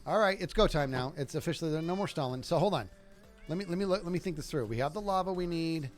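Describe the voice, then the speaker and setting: A man's voice: fairly high pitch, fast, soft background music. A man chatting casually to his viewers while playing a game, rambling to himself with jokey asides. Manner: rambling, self-talking, jokey asides to chat. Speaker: streamer. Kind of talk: casual gameplay livestream chat.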